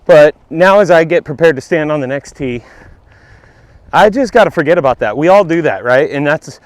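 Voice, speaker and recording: A man's voice: fairly high pitch, lively intonation, normal speed, dry recording. A man vlogging his own round of golf outdoors, talking to the camera between shots, self-deprecating and now and then out of breath. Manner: self-deprecating, talks to the camera while playing. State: out of breath at times. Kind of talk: casual on-course commentary.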